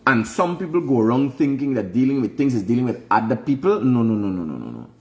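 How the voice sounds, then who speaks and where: Middle-aged Guyanese host, mid-range voice, preachy monologue with emphatic questions. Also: male voice, mid-range voice, big pitch swings, fast. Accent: Guyanese Creole English. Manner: emphatic, lecturing, swings up into loud rhetorical questions. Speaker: online show host. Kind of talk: preachy casual livestream monologue.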